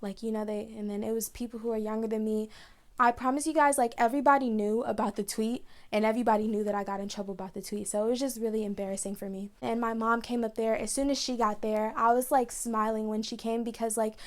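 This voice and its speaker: A young woman talks straight to her viewers in a storytime vlog. Her voice sits a little high, and she talks fast and emotionally, with "like" all through her sentences. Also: steady tone. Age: young adult. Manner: chatty, emotional, fast retelling with many "like"s. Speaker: vlogger.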